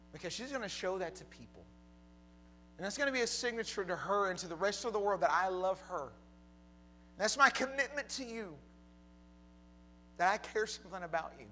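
Bright-voiced preacher telling stories. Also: male voice, high voice, animated, normal speed, long pauses, a little hiss or hum. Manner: storytelling, building to shouted climax. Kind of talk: sermon. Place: church hall with congregation.

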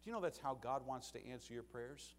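A man preaching an emphatic, animated sermon to a church congregation. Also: medium pitch, a little fast, slight background noise. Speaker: pastor.

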